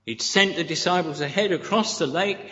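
A man preaching a sermon in a church, speaking earnestly and deliberately, with emphatic repetition. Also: on the high side, bright, forceful tone. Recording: reverberant, dull lo-fi church recording.

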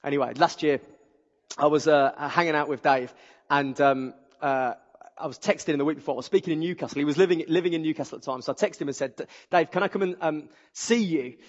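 A man delivers a lively sermon, warm with humour and full of exuberant energy. His voice sits fairly high for a man. The recording sounds muffled and dull, and a long echo trails off through the church hall. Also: fast talker. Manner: exuberant, animated and humorous. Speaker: preacher. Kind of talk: sermon with storytelling. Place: church auditorium.

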